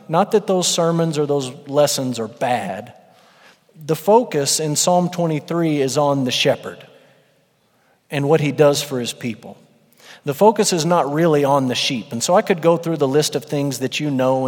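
A man in his thirties preaching a sermon to his church, earnest and building to emphatic peaks. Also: mid-range voice. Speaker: pastor. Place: church sanctuary. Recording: long hall reverb.

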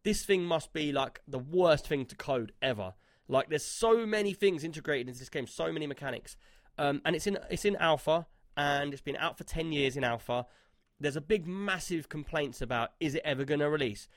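A man's voice: a little high, brisk, no echo, studio quality. A man co-hosting a casual gaming podcast, talking in a rambling way with many fillers and restarts. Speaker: podcast co-host.

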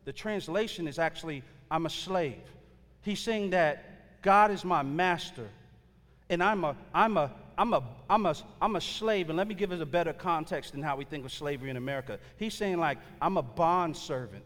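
A man's voice: on the high side, normal speed, fairly bright tone, long reverb tail. A man preaching a sermon, telling a story in a loose, conversational way with slang and frequent fillers. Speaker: pastor.

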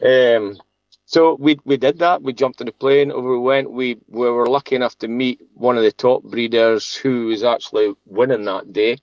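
A man's voice: medium pitch, fairly even intonation, dry recording, highs cut off. A man, a sheep farmer being interviewed, telling a long story casually with many restarts and laughs. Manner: chatty, halting, laughs often, many restarts.

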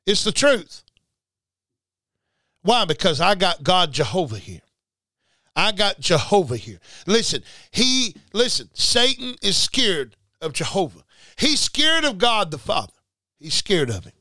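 A man's voice: sits high, pushed and bright, dry recording. A man preaching a sermon, emphatic and repetitive, talking straight to his listeners. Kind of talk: livestreamed sermon.

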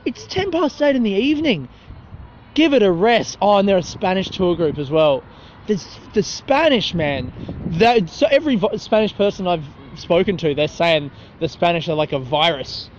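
A man's voice: sits high, lively intonation, moderate pace. A young man hosting a rambling solo podcast on a city street at night, talking into his phone, swearing and mocking himself. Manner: profane, self-mocking, laughs at his own jokes. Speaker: podcast host. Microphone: phone held while talking. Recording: dull phone recording with street noise. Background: faint traffic and passers-by.

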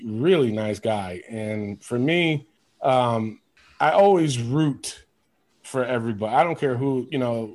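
A man hosting a podcast, telling stories in an animated, casual way, laughing often and swearing. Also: mid-range voice. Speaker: podcast host. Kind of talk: casual chat.

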